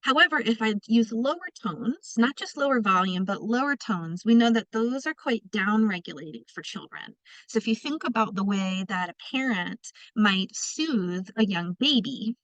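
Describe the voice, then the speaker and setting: A woman's voice: medium pitch, expressive, normal speed, fairly bright tone, dry recording, low-quality recording. Woman presenting a webinar, dry sound. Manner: conversational, addresses participants and the chat directly. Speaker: presenter of a teacher training webinar. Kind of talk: online training presentation.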